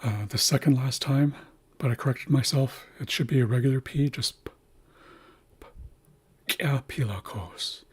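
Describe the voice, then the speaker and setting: Here a male language teacher on a livestream goes slowly and carefully, saying words again to show how they sound. He has a medium pitch and a steady, slightly mellow tone with a breathy edge.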